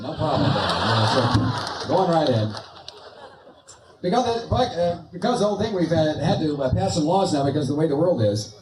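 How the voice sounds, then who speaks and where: American comedian guy rambling through his act, lively voice, far from the mic in a big echoey room. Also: a little high. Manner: rambling storytelling, with restarts and asides. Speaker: stand-up comedian. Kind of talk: stand-up routine. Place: large venue, live audience. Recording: echoey hall, distant mic, crowd noise.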